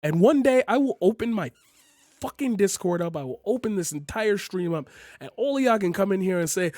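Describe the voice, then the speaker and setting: A man's voice: sits high, lively intonation, quick pace, darkish tone, no room sound, studio quality. A man ranting heatedly in a political vlog, profane and emphatic, repeating his phrases for force. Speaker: channel host.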